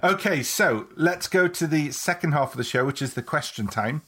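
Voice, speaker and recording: Man hosting, expressive lively pitch. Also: moderate pace, husky. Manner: short encouraging replies, hands off questions. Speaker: podcast host. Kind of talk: casual interview chat.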